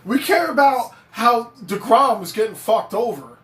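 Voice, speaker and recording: A man's voice: very high voice, animated, measured pace, a bit bright. Profane fired-up male sports streamer. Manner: reads viewer chat aloud. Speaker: live streamer, sports fan. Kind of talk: live stream sports reaction rant. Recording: echoey room.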